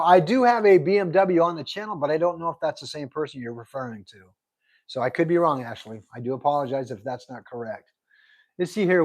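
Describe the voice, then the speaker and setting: Chatty man hosting a livestream. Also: on the high side. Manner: chatty, reads out viewer comments, thanks viewers a lot. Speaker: livestream host. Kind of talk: casual live chat. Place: Arizona.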